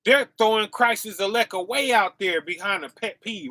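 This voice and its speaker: Preaching at a slow pace, this man's voice is high and bright. He laughs often and addresses his livestream viewers with lively energy in a casual setting, captured in a dry, close recording.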